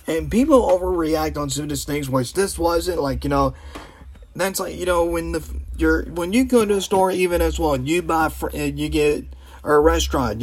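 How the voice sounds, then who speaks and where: A man talking on his own channel in a loose, rambling commentary. His voice sits somewhat high, and he sounds exasperated and opinionated as he trips over restarts. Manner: rambling, full of restarts and fillers. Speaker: vlogger.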